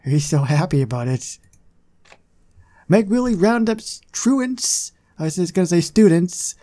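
A chatty man narrates his gameplay with a mellow, rounded tone. He drifts into muttered, self-deprecating asides. His voice sits slightly high. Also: expressive, a little slow. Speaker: gaming channel host. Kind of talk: casual gameplay commentary.

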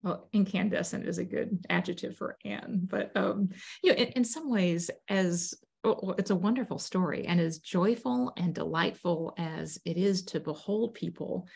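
A woman's voice: lowish voice, gravelly, darkish tone, husky. A woman hosting an interview, opening with remarks and then asking careful, probing questions. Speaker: host.

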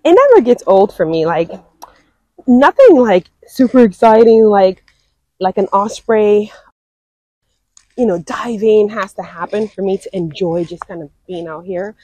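A woman's voice: medium pitch, expressive, measured pace, mellow, no echo, low-quality recording. A young woman narrating a casual walking vlog in an outdoor park, chatty and full of "like" and "um". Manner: chatty, lots of "like" and "um". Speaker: wildlife vlogger.

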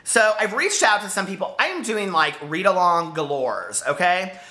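A gushing, animated book vlogger woman. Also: medium pitch, normal speed. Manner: gushing, excitable, exclaims often. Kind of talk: casual chat to camera.

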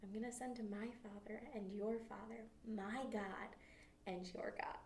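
A woman voicing a gentle, calm grown man who speaks in a soft, hushed, tender way. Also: mid-range voice, moderate pace, a little hiss or hum, lightly acted. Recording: echoey room, mic at a distance.

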